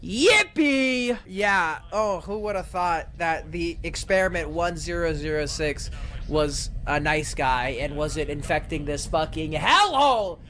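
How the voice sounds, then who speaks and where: A man's voice: a little high, measured pace, fairly bright tone, slight background noise. A man giving let's play commentary in a sarcastic, exasperated way, swearing often. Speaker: gaming video creator.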